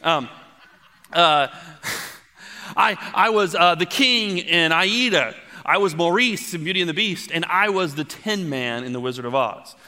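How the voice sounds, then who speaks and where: A man in his thirties preaching a sermon, telling stories with playful asides and growing animated. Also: fairly high pitch, measured pace, big-room sound. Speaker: pastor.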